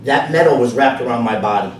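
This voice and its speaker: A man giving a prepared personal speech at a club meeting, telling his story earnestly, going soft at times and then building to emphatic lines. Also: medium pitch, quick pace. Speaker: club speaker. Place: meeting room. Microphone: far camera. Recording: echoey room from far off, faint noise.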